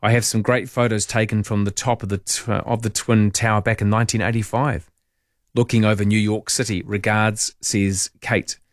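A man's voice: fairly low pitch, flat delivery, moderate pace, dry recording. New man, late-night talk radio host, rambling and wry, dry close studio mic. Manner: chatty, wry and rambling, reads lyrics aloud. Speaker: overnight radio talkback host. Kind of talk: casual late-night talkback, reading listener messages. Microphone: studio microphone.

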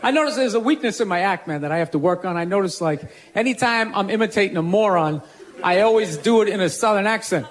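A man doing a crude, animated stand-up comedy routine, recorded live. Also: sits high, fast. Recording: live club set with loud crowd.

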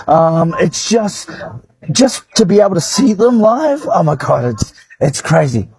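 A man interviewed as a football fan, talking in an excited, emotional and stammering way. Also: high voice, measured pace, slightly rough, low-quality recording.

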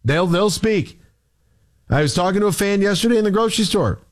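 Fired-up male sports radio host, high and animated, ranting. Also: fairly quick. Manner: exasperated, rhetorical questions. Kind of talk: heated sports talk rant.

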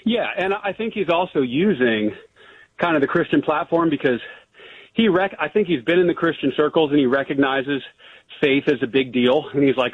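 A man's voice: on the high side, normal speed, slightly rough. A man calling in to a radio show, talking casually and rambling with fillers over a phone line. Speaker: caller. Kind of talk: phone-in call.

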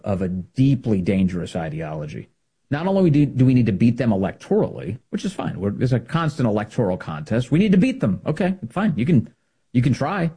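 A man's voice: fairly low pitch, warm tone, slightly rough. A man giving an opinionated political monologue, emphatic and repeating key phrases for effect. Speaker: political commentator.

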